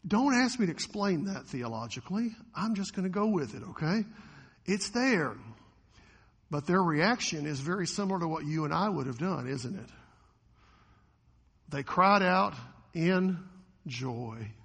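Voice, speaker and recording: A man preaching a sermon as a pastor, animated, often acting out the voices of the people in the story. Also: high-pitched, moderate pace, long pauses, slightly rough, big-room sound.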